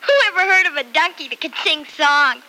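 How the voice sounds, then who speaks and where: A curious little girl who keeps asking questions. The voice sits very high and bright, with the eager tone of 1940s radio acting. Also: brisk, a little hiss or hum, poor audio.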